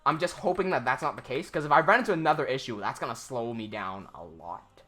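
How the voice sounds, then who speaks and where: Bright-voiced rambling livestream host. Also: male voice, medium pitch, animated, quick pace. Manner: rambling, laughs often, many fillers and restarts. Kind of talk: casual livestream chat reading viewer comments.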